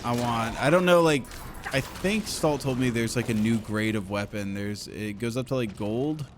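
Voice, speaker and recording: A man's voice: mid-range voice, normal speed. A man chatting loosely while gaming, rambling with fillers. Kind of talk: casual chat while gaming. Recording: background noise.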